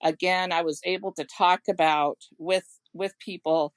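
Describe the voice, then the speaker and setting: A middle-aged woman, a home care consultant, telling personal stories in a podcast interview in an earnest, gentle way. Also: lowish voice, fairly even intonation, a little slow, hardly any pauses, no room sound. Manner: earnest and gentle, with frequent restarts.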